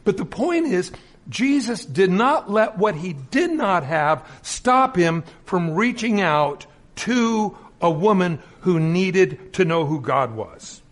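Male minister, middle-aged, high voice that swoops a lot, acts out anecdotes mid-sermon. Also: slow. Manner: animated storytelling with acted-out quotes.

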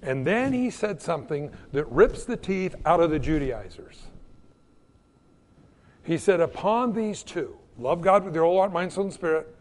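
A middle-aged man preaching a sermon as pastor, telling stories with lively restarts. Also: on the high side, moderate pace. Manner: animated storytelling with repeated restarts. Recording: long hall reverb.

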